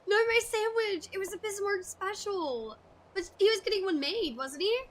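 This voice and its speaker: A woman's voice: very high voice, moderate pace, voice pushed up. A woman reading an indignant young female rogue's game dialogue aloud. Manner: indignant, exclamatory.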